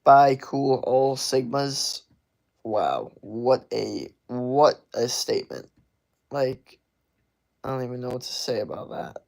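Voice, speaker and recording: A man's voice: medium pitch, sing-song, a little slow, creaky. A young man from the United States reading chat on a live stream, talking casually with an exasperated, rambling manner.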